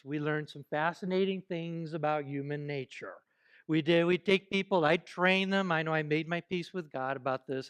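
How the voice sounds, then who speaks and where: High-voiced man preaching with playful animation. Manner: animated, playful, leads the congregation in exercises. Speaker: pastor. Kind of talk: sermon. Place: church service.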